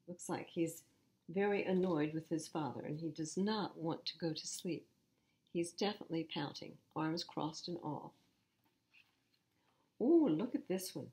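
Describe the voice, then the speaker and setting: A woman's voice: sits low, unhurried, warm tone. A woman reading picture books aloud to children at storytime, expressively and with asides to the listeners. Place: public library.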